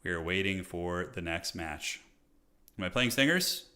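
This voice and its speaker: Guy streaming, bright forceful tone, chatty and joking with chat. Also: low voice, lively intonation, unhurried. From United States. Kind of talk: casual live-stream game commentary.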